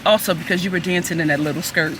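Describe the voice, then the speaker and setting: A young woman vlogger, telling a story in animated casual chat and acting out the people in it. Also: on the low side, quick pace, noisy background.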